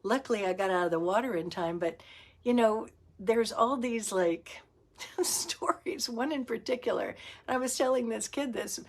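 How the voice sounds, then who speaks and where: A middle-aged woman with a slightly high voice hosts her own podcast, talking casually and spinning personal stories. She laughs often and acts out the voices of people in her stories. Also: moderate pace. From Florida, US. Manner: laughs often, storytelling with acted-out quotes. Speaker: podcast host. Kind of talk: casual monologue.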